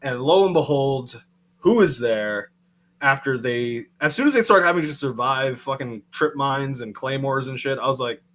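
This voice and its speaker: Mid-pitched man recapping a plot. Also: lively intonation, moderate pace, fairly bright tone. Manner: rambling recap with many restarts. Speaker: podcast co-host. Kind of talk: casual movie review chat.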